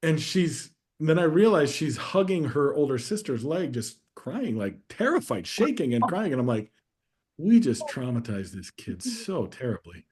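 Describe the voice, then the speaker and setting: A man guest on a conversational podcast, sharing a personal story in a reflective, steady way that grows animated at times. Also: on the high side, normal speed. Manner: reflective, warm storyteller who gets animated in anecdotes. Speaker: guest coach.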